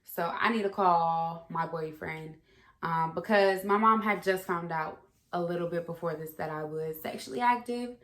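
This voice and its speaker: A young woman vlogger tells a personal story in a casual, candid way, swearing freely and rambling with fillers. Her voice sits on the low side with a slightly bright quality, and she speaks at a normal speed. The recording was made in an echoey room.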